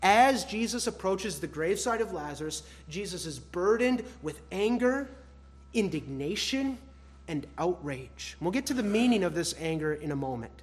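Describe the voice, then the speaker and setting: Husky-voiced preacher man, high-pitched. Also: animated, moderate pace. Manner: swings between loud emphatic stress and hushed soft phrases; addresses listeners as beloved. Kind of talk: expository sermon.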